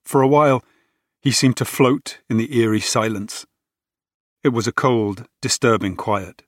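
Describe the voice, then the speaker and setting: A man narrating an audiobook in a measured, dramatic way. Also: medium pitch, no room sound, clean studio sound.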